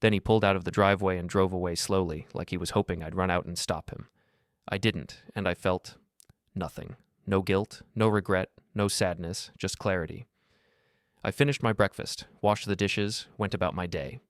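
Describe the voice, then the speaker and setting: Brief: older male narrator, low voice, calm and steady scripted storytelling, dry close mic. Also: normal speed, dry recording.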